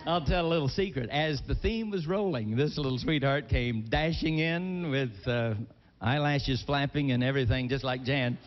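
A man's voice: mid-range voice, moderate pace. A man hosting a live gospel TV show, folksy and upbeat, calling out to guests and the audience. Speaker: TV show host. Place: large theater with live audience. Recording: dull old broadcast audio in a reverberant hall.

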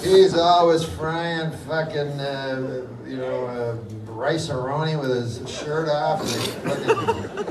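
An older man doing a live stand-up set, deadpan and rambling with lots of profanity. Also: a little high, slow. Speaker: stand-up comedian. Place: live comedy venue with audience. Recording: echoey room from far off with loud crowd noise.

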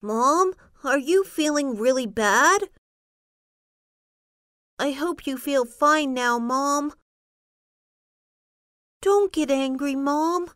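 A woman slowly reading short example sentences in a child's part, carefully enunciated. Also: high-pitched, lively intonation, fairly bright tone, no echo, studio quality. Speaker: narrator voicing a child's lines. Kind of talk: slow scripted phrase reading.

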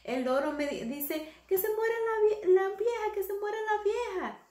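A woman's voice: extremely high pitch, fairly quick, a little mellow, echoey room, pitched above the performer's own voice. A woman voicing an indignant little old lady complaining to a neighbor.

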